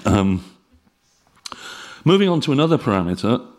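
A middle-aged man giving an academic linguistics lecture, explaining in a measured way with frequent ums and uhs. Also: mid-range voice, sing-song, a little mellow.

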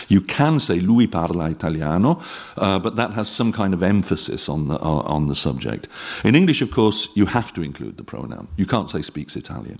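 Deep-voiced male lecturer. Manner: measured, explanatory, with frequent fillers. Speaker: linguistics lecturer. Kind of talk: academic lecture.

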